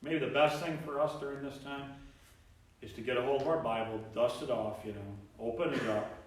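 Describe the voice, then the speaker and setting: Man, pastor, animated sermon, acts out voices, heavy church echo, distant mic. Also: medium pitch, brisk. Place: church sanctuary.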